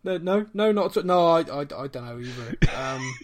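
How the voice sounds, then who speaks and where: Chatty Bristolian man with a higher voice. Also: animated, normal speed. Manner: chatty, self-mocking, stumbles and repeats words. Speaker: podcast co-host. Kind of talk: casual chat.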